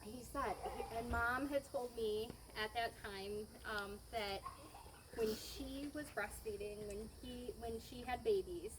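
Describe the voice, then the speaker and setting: A middle-aged woman giving a heartfelt, rambling tribute at a family gathering, laughing often as she tells stories. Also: on the high side. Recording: noisy background.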